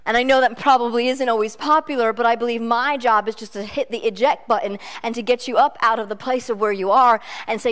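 A middle-aged woman delivers a sermon in a casual, joking manner, sharing self-deprecating stories as she makes her points. Her voice sits a little higher than most. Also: moderate pace, few pauses, a bit bright. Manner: chatty, self-deprecating storytelling preacher. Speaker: preacher.

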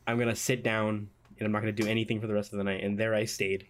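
A man hosting a podcast, telling a story in a halting, rambling way full of fillers and restarts. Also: fairly low pitch, flat delivery, a little hiss or hum. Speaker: podcast host. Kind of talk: casual storytelling chat.

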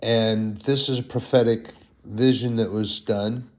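A middle-aged man preaching a sermon and teaching from the Bible, talking conversationally with fillers and self-corrections, and swinging from soft asides to loud, rising proclamations. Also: lowish voice, steady tone, measured pace.

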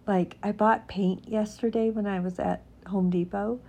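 A middle-aged woman in casual devotional chat who reads her own short piece in a soft, unhurried, gentle way. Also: medium pitch, fairly even intonation, creaky. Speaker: Christian writer. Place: home cabin indoors.

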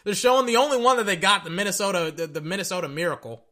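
A young man giving casual, rambling reaction commentary on a football game, excitable and tripping over his words. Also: high-pitched, racing. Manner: excitable, rambling, stutters and repeats himself.

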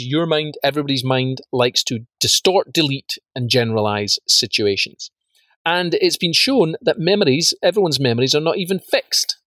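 A man's voice: medium pitch, fairly bright tone, no room sound. A man teaching a business course, asking rhetorical questions and stressing words emphatically, with frequent repeats. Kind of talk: spoken lesson on facts and truth.

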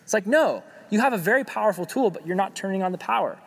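A young adult man preaching a casual sermon as a youth pastor, conversational and animated, acting out quoted voices. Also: high-pitched, fast, creaky, breathy edge. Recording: long hall reverb.

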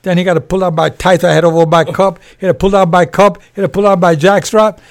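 An older man, a former boxer and referee, telling animated stories with laughter in an interview. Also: sits high, fast. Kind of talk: storytelling in a podcast interview.

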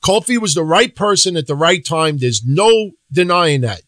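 A man's voice: fairly high pitch, expressive, normal speed, a bit bright, no room sound. A man co-hosting a podcast, giving blunt, opinionated wrestling takes in casual chat, swearing freely and acting out quotes. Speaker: podcast co-host.

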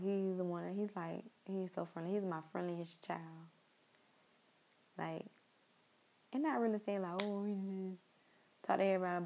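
A young woman rambles through a casual monologue in a low-toned, mellow voice with a gravelly fry. She often repeats herself and turns to her listeners directly. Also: low-quality recording.

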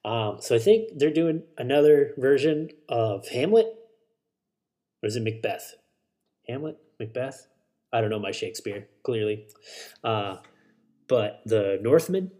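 A man's voice: medium pitch, measured pace, long pauses, warm tone. A man hosting a solo podcast, rambling casually about shows and movies, swearing and correcting himself as he goes. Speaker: podcast host.

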